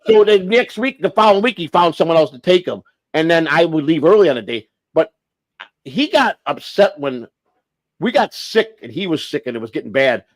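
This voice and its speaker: A man with a fairly high voice that swings up and down a lot tells a rambling, cuss-filled story on a livestream. He keeps backing up and restarting his sentences. The sound is dry and close, with no room echo. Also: animated, normal speed. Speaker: livestream host.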